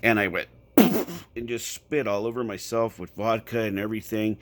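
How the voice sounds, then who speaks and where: Deep-voiced man telling a personal story. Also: very noisy. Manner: unhurried, with fillers and repeated "okay?" check-ins. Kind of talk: casual first-person storytelling.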